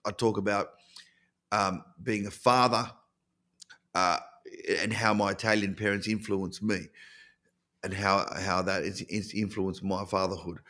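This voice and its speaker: Australian comedian with a low voice. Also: male voice, a little slow, pauses often. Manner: lively storyteller with many restarts. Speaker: comedian guest. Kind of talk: casual interview chat.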